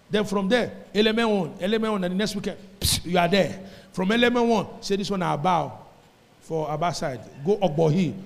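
A man's voice: sits high, big-room sound. A man with a Nigerian accent preaching a sermon as pastor, emphatic and repeating his phrases, sometimes slipping into pidgin.

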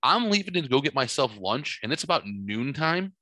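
Bright-voiced profane storyteller man. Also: medium pitch, normal speed, dry recording, studio quality. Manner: profane, rambling, animated storyteller. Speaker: podcast host. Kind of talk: casual storytelling chat. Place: home studio.

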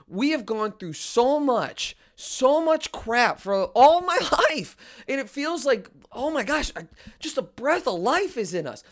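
Male sports vlogger, excitable fan rant, loud highs and muttered lows. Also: normal speed. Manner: excitable, big swings between loud cheering and low muttering. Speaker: sports YouTuber.

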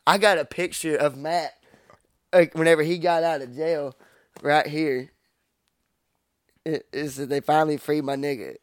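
A man's voice: a little high, fairly even intonation, a little slow, long pauses, dry recording, clean studio sound. A man co-hosting a podcast, telling a profane story in casual chat and acting out what people said. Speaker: podcast co-host.

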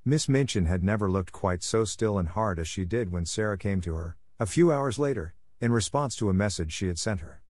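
Low-voiced man narrating a classic tale. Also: fairly quick, hardly any pauses, no room sound, studio quality. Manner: calm, even storytelling. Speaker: audiobook narrator. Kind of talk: scripted narration of a classic novel.

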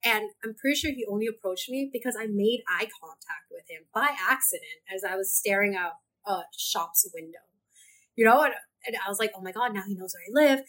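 A young woman from Hong Kong, a podcast guest telling a story in a lively, casual way and laughing often. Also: medium pitch. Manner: animated, laughs often, acts out her own thoughts.

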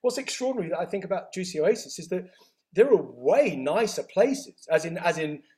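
A man's voice: high voice, a little fast. A man being interviewed, telling stories energetically with lots of restarts and laughs. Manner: energetic, animated storytelling with frequent restarts. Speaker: guest, health author and retreat owner. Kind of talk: casual interview chat.

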